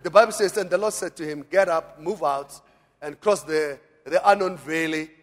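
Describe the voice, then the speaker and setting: A man's voice: fairly high pitch, normal speed. A man preaching a sermon in church, calling on the congregation to answer and repeat after him. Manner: preaching with call-and-response to the congregation. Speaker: pastor. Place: church hall. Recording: long church-hall reverb.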